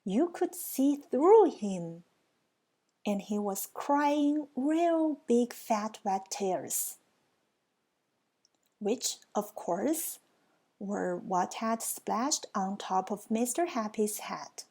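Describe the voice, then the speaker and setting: Lady reading a storybook real slow, playful little asides, kinda higher voice. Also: lively intonation, dark tone. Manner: playful, teasing asides to listeners. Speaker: storybook reader. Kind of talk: reading a children's picture book aloud.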